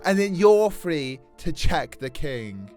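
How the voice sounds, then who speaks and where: Casting: a man playing a loyal schoolboy wizard, earnest and insistent, slow and lively, dry close sound. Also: on the high side, faint music behind. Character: loyal teenage boy wizard, brave and earnest.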